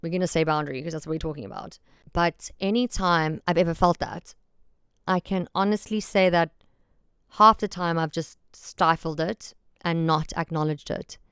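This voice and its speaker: A woman's voice: deep voice, moderate pace, fairly bright tone, clean tone, no echo, studio quality. A woman hosting a solo podcast, talking candidly and emphatically, often repeating herself and swearing freely. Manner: frank and self-deprecating, swears freely. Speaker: podcast host.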